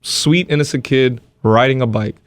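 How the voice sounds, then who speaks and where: A man's voice: mid-range voice, normal speed, no room sound. A man from Hawaii, a comedian and guest, chatting in a laid-back, easygoing way and laughing often. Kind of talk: casual interview chat.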